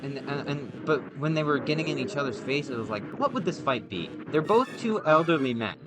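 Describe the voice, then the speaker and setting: A man's voice: a little high, expressive, brisk, background noise. A young man and podcast co-host telling a long story in casual chat, rambling with many fillers and frequent swearing. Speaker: podcast co-host and let's-play player. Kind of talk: casual chat over gameplay. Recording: loud video game music behind voice.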